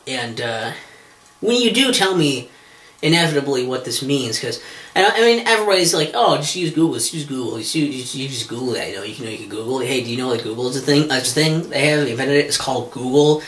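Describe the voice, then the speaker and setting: A man's voice: mid-range voice, lively intonation, fast talker, a bit bright. A man hosting a podcast, rambling through a comedic monologue with lots of swearing, fillers and restarts. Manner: profane, exasperated, many fillers and restarts. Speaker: podcast host. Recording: roomy echo.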